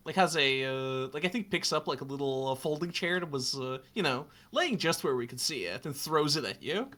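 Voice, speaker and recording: A man's voice: fairly high pitch, animated, a little fast, sharp tone. A man playing a tabletop role-playing game, adding scene details while searching for his words. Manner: searching for words, many restarts. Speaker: player.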